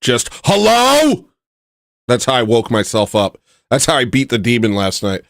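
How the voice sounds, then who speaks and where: Give me a self-mocking man chatting on a livestream, with a fairly low voice. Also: a little fast, dry recording, clean studio sound. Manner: rambling, joking, self-mocking. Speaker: livestream host. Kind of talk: casual livestream chat.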